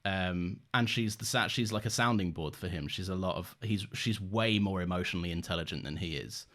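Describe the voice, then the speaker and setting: A man's voice: sits low, fairly quick, fairly bright tone. A man with an enthusiastic, earnest manner, co-hosting a casual chat reviewing a film. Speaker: podcast co-host.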